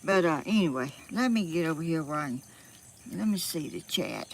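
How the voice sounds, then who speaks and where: Deep, creaky, and animated, a Southern-accented woman from Georgia talks at a moderate pace. As a vlogger streaming live outdoors on her phone, she's a bit breathless and meanders folksily, dropping in plenty of laughs and filler words.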